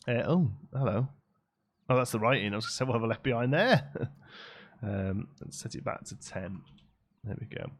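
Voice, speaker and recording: A man chatting casually on a live game stream, reading and answering chat as he builds. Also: mid-range voice.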